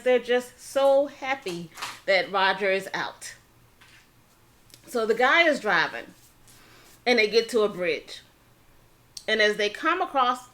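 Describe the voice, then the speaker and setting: A woman's voice: a little high, a bit bright. Chatty woman telling a story between bites. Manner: chatty, acts out quoted dialogue; pauses to spell out words. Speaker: channel host telling a history story. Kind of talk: casual story time while eating.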